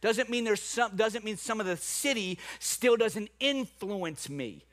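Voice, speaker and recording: A middle-aged man with a New Orleans accent preaching a sermon. He starts low and quiet, then builds to loud preaching. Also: expressive, measured pace. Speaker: pastor.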